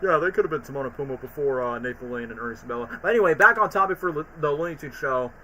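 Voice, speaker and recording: A man's voice: a little high, expressive, racing, pushed and bright, slight background noise, low-quality recording. A man chatting casually on a stream, rambling about cartoons with lots of fillers. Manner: rambling, often sings and acts out cartoon lines. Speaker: streamer host.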